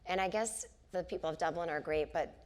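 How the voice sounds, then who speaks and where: A woman in her forties who is a comedian and author sits as an interview guest on a theater stage in front of a live audience. Her voice is on the low side and fairly quick, and in this casual onstage chat she tells animated stories, acting out the people in them.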